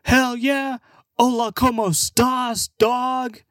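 A man putting on a mocking, drawn-out voice of a loud party bro tossing out Spanish words. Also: very high voice, flat delivery, no echo, studio quality, voice pushed up, heavily acted.

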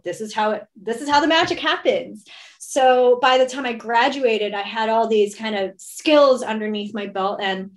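A woman, chatting eagerly as a guest in an interview, with many fillers. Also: mid-range voice. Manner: fast, enthusiastic, lots of fillers. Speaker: co-founder guest. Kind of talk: casual interview chat.

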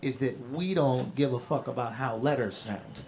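A male comedian voicing his deadpan male friend in a live stand-up set. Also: medium pitch, normal speed, gravelly, voice pushed down, close to an everyday voice. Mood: matter-of-fact. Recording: live club recording with crowd noise.

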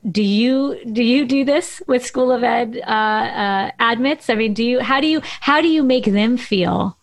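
A woman's voice: fairly high pitch, measured pace, dry recording. Effusive woman co-hosting a radio show. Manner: effusive, encouraging.

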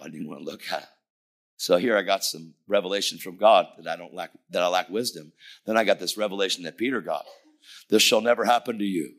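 A middle-aged man preaching a lively sermon, telling stories animatedly and shouting at the peaks. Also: lowish voice.

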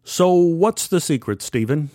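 A man's voice: on the high side, lively intonation, a little slow, warm tone, dry recording, studio quality. A man voicing a genial, amused older male TV executive who talks in a friendly, teasing way.

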